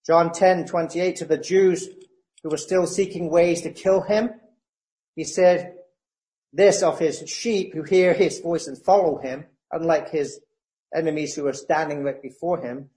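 A man preaching a sermon, reading scripture passages with rising emphasis and slowing down on verse references. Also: on the high side, warm tone, rough recording.

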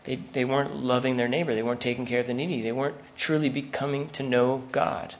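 Speaking fast, a pastor gives an easygoing, conversational sermon and occasionally voices the characters in his examples. His pitch is average for a man, and a distinct rasp runs through his voice.

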